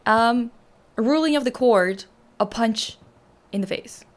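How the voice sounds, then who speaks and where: Reading out stories on her laid-back stream, this young adult host responds bluntly and swears a lot. She talks slowly in a voice that sits a little high.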